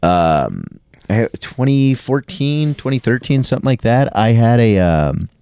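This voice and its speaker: A man's voice: medium pitch, unhurried, clear, resonant tone, dry recording. A man, a comedian guest, telling a story in casual chat and acting out the voices of the people in it. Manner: animated, acts out quoted voices.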